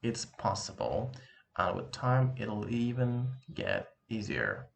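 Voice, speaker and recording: A man teaching a language lesson, patient and encouraging, repeating words slowly to show how they sound. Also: medium pitch, big pitch swings, creaky, a little hiss or hum. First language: Russian. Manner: slow, drawn-out demonstration pronunciations. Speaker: Russian teacher.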